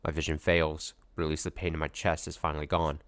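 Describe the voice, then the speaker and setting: A man's voice: very deep voice, level tone, fast talker. A man streaming a video game, reading its story text aloud dramatically and adding wry asides.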